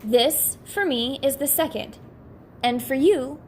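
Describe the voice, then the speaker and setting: A calm blue man guiding souls, read by a woman. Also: high voice, a little hiss or hum. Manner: gentle, measured explaining. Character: calm, patient blue man, a heavenly guide.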